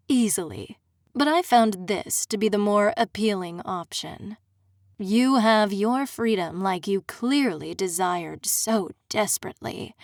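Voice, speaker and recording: Woman voicing a menacing male fae prince, slow taunting drawl, slightly lowered voice, dry close audiobook sound. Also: dry recording.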